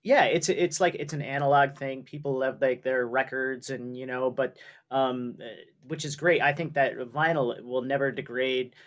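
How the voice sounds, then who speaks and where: A man's voice: medium pitch, steady tone, a bit bright. A man co-hosting a podcast in casual chat, stumbling and restarting his sentences. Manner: halting, restarts a lot. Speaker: podcast co-host.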